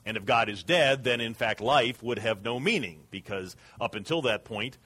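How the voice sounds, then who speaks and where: A man's voice: mid-range voice, normal speed, pushed and bright, slightly rough. A man preaching a sermon as pastor, earnest and emphatic.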